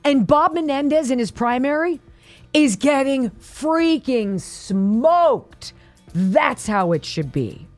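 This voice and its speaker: Woman, talk radio host; punchy, slangy, swooping delivery, slightly high voice. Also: lively intonation, takes it slowly, no room sound, faint music behind. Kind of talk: opinionated political talk radio.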